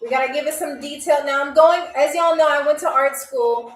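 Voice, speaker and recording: A woman's voice: high-pitched, fairly quick, echoey room, rough recording. A young woman hosting a live-stream game show, chatting casually with viewers while she draws, playful and calling them "y'all".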